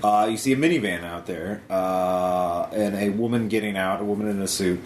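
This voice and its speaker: A man narrating as game master in a tabletop game, relaxed and laughing, with plenty of fillers. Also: sits low, normal speed, echoey room, a little hiss or hum.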